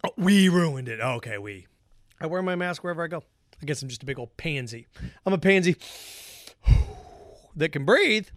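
A man's voice: fairly high pitch, expressive, normal speed, pauses often, no echo, clean studio sound. A man hosting his own podcast, delivering a sarcastic, repetitive opinion rant straight to his listeners. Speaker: podcast host.

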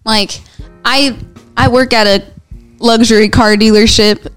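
A woman's voice: on the high side, steady tone, measured pace, fairly bright tone, smooth, faint music behind. A woman telling her side of a story in an emphatic, emotional way. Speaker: guest. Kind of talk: casual storytelling.

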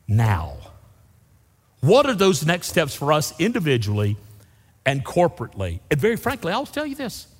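Male pastor, lively folksy sermon delivery, long church-hall reverb. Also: a little high. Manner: folksy storytelling, varied emphasis. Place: large church sanctuary.

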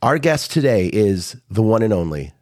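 A man's voice: on the low side, very animated, moderate pace, darkish tone, no room sound, clean studio sound. A man co-hosting a podcast in casual chat, congested, joking and restarting often. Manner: chatty, joking, with frequent restarts. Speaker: podcast co-host.

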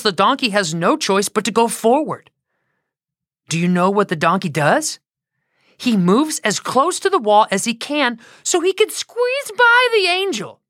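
A woman tells a Bible story for children, asking her listeners questions along the way. Her bright voice swings widely in pitch at an unhurried pace, and it sounds dry and close. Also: no echo. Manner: animated, asks listeners questions.

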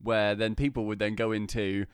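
A man's voice: on the low side, normal speed, smooth, no echo, studio quality. A man co-hosting a podcast, chatting casually and jokingly, laughing often. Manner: jokey, animated, laughs often. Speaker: podcast co-host. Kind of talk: casual chat.

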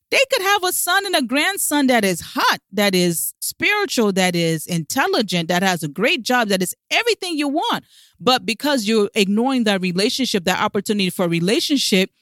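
This mid-range female voice, recorded at studio quality without any echo, delivers direct-to-camera advice. She presses her points emphatically, throws out rhetorical questions, and sounds like she's smiling as she coaches.

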